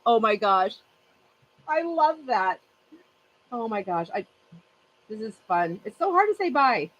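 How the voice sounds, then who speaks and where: A woman's voice: a little high, sing-song, a little slow, fairly bright tone, muffled recording. A woman in her fifties hosting a craft channel, chatting casually with her livestream viewers in a rambling way and laughing often.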